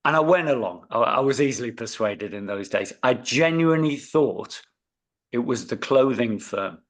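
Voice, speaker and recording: A man's voice: mid-range voice, animated, moderate pace. A man co-hosting a podcast, telling a story in casual chat, laughing and swearing now and then. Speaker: podcast co-host.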